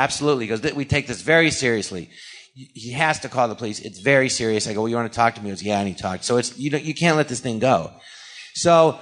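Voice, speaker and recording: A man's voice: mid-range voice, fairly bright tone. A man from California, a guest actor and comedian, rambling through a story in a casual interview, acting out quoted dialogue and dropping sarcastic asides. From California, USA.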